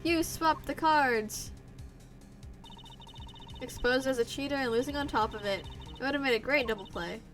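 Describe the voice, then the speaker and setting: A woman's voice: high voice, moderate pace, pauses often, music in the background, natural voice. A smug, evasive female card dealer in a courtroom game, talking in an obviously fake Russian accent, as a woman puts her on. She lays out her schemes with sly self-assurance. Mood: scheming.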